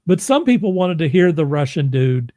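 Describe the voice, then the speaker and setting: A man's voice: a little high, sing-song, normal speed, mellow, no echo. A man who narrates audiobooks, chatting casually in a rambling, self-deprecating way and laughing often. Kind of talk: casual chat.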